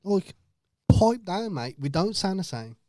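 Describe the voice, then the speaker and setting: A young man with a Birmingham accent, swearing and loudly defending himself in casual banter with friends. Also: sits high, very animated, measured pace, no echo, studio quality. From Birmingham, England. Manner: swears a lot, loud and defensive. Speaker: podcast co-host.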